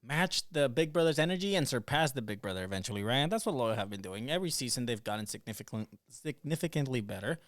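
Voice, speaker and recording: Man, co-host, mid-pitch voice, dry close sound, relaxed and conversational. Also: fast, few pauses, no room sound. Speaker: podcast co-host. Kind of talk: casual sports podcast chat.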